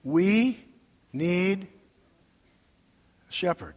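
High slow-talking pastor preaching, emphatic, echoey church hall. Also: male voice, lively intonation, a little mellow, breathy edge. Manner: preacherly, call-and-response, emphatic. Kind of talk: sermon.

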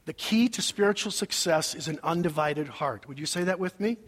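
High-voiced man preaching in reverberant hall. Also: a little fast. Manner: sings hymn lines, drops to hushed near-whispers, rises to shouts. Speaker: pastor. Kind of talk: sermon.

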